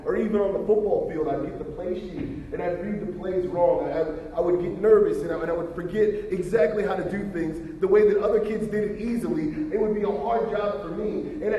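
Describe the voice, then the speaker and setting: A motivational speaker telling personal stories at a school assembly, with emphatic delivery that drops to a hush. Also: male voice, sits high, a little hiss or hum. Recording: roomy reverb, distant from the mic.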